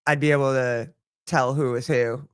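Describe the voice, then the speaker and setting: A man in his thirties, a guest on a casual podcast, laid-back and quick to laugh. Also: mid-range voice, steady tone, clear, resonant tone, no room sound, studio quality. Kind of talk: casual chat.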